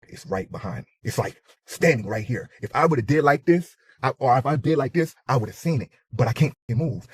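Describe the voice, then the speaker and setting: A man's voice: medium pitch, quick pace, slightly rough, no room sound. A man telling a personal story dramatically, swearing freely and acting out sounds and his own panic. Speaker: storyteller in a reacted clip.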